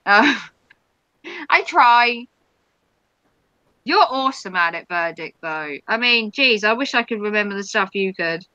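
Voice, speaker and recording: Bright, rambling woman host. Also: medium pitch, lively intonation, measured pace, pauses often, no echo, lo-fi sound. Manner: rambling, many ums. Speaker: live-stream host. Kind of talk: casual chat reading viewer comments.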